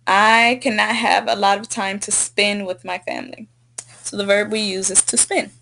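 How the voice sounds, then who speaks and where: A woman tutoring English who slowly and patiently repeats and models corrected sentences, recorded on a computer mic. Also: a little high, creaky, fairly bright tone, a little hiss or hum. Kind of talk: screen-recorded correction feedback. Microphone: computer mic on a screen recording.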